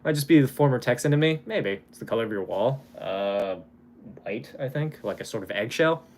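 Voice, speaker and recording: Lively young man streaming live. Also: mid-range voice, normal speed, slight background noise. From Hawaii. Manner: chatty, lively, swears casually. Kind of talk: casual live-stream chat reading donations.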